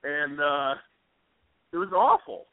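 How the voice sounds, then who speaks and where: A male radio co-host speaks slowly and clearly in a highish, resonant voice that's very animated. The talk is casual and rambling, hesitant and heavy on fillers. The recording is dry, with a tinny phone-like tone.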